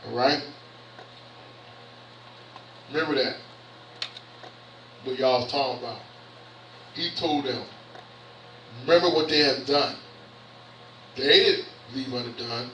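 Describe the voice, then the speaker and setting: Bright-voiced preacher. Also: male voice, medium pitch, a little hiss or hum. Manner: conversational preaching with call-outs to the congregation; reads scripture aloud haltingly. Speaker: bishop preaching. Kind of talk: sermon. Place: church hall. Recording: echoey church hall, mic from far off.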